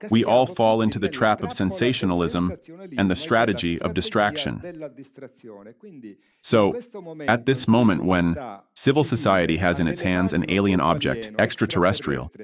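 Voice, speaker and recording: A man with an Italian accent giving an impassioned, indignant lecture at a conference, ranting and swearing at times. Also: sits low. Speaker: conference speaker. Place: theatre with audience.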